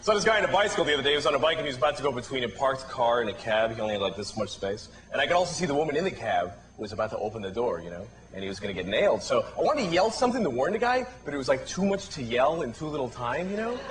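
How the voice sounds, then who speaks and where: Self-deprecating male stand-up, lively pitch. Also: rapid-fire, hardly any pauses. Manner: rambling self-deprecating storytelling. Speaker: comedian. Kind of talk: stand-up routine. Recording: hissy old TV broadcast recording.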